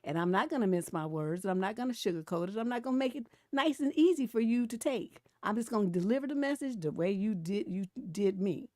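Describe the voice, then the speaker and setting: A middle-aged woman hosting a livestream advice show, talking bluntly and profanely, swinging from mellow to heated and laughing between points. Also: mid-range voice, a little fast, hardly any pauses, no room sound, studio quality. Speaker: relationship coach hosting a livestream. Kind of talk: casual livestream advice talk.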